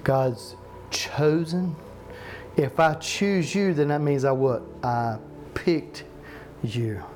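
Male preacher, fairly high voice, slows on scripture and asks the room questions; faint music behind. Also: a little mellow. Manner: slows down to stress verses, asks the listeners questions. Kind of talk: sermon with scripture reading.

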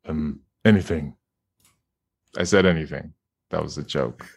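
A man, a video game actor, chatting as an interview guest, relaxed and laughing often, with hesitant fillers. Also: rumbling low, a little slow, vocal fry, husky, no room sound. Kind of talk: casual interview chat.

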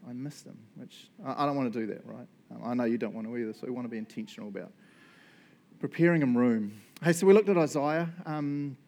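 A man, preaching a sermon as a lively storyteller who acts out what people said and often checks in with "right?". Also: medium pitch, fast, creaky. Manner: animated, acts out quotes, frequent "right?" and "um". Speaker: pastor.

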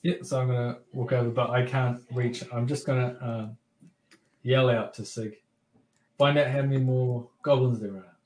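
A man's voice: medium pitch, steady tone, moderate pace, darkish tone. Man, easygoing, tabletop player, roomy echo. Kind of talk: tabletop role-play chat.

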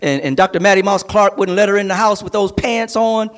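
A man's voice: sits high, fairly even intonation, a little fast. A man preaching a sermon as a pastor, building emphasis through repeated phrases, in a church service streamed online. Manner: preaching with rising, emphatic repetition.

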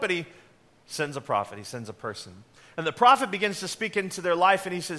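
A man delivers a sermon with earnest directness, now and then slipping into an offhand aside. His voice sits high for a man and rings bright and forceful. He speaks plainly to the people in front of him. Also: animated, fairly quick. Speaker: pastor.

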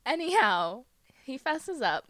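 A woman co-hosting a casual book club podcast, expressive, swinging from low asides to sudden bursts. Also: slow pace, dry recording, clean studio sound. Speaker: podcast co-host.

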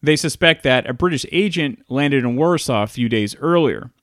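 A man's voice: medium pitch, expressive, moderate pace, fairly bright tone, no room sound, clean studio sound. A man reviewing a classic film in a casual, enthusiastic video. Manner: enthusiastic, chatty retelling. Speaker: movie reviewer.

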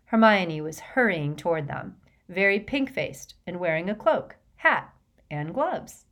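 Woman, audiobook narrator, scripted narration, measured, even, lowish pitch.

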